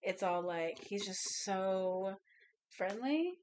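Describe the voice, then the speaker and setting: A woman's voice: medium pitch, lively intonation, takes it slowly, darkish tone, a little hiss or hum. A woman co-hosting a podcast, chatting casually about a movie, swearing freely and finishing her co-host's sentences. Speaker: podcast co-host.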